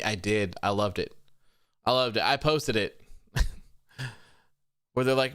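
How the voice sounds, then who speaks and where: A man hosts a livestream in relaxed, casual chat. His voice is smooth and clear at a middle pitch, and the sound is dry and close. He reads out viewer comments and reacts offhandedly, swearing freely. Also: moderate pace, no room sound. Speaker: wrestling stream host.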